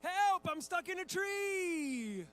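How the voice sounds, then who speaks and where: A man voicing his three-year-old son, who whines in high, drawn-out cries that he is stuck and needs rescue. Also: lively intonation, a bit bright, full character voice. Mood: whiny pleading.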